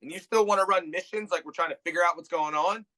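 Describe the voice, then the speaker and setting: A man co-hosting a podcast, telling a story in a slangy, animated way. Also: sits high, fast, dry recording, rough recording. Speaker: podcast co-host. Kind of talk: casual podcast chat.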